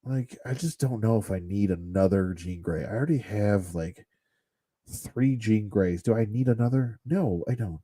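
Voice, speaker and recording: A toy collector reviewer talks at normal speed in a mellow, fairly low voice. His unscripted take on action figures is casual, rambling, and blunt, sprinkled with mild curses.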